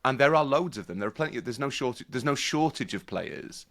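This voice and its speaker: A man's voice: mid-range voice, expressive, fairly quick, a bit bright. A man in a casual panel chat, thinking aloud with many restarts. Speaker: podcast panelist.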